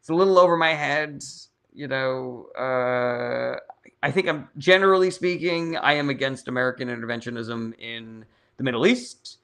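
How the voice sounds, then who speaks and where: This man runs a political livestream, taking viewer questions in a casual Q&A and reading comments out loud. He's blunt and profane in his replies, with a medium-pitched, fairly bright, clean voice at a moderate pace.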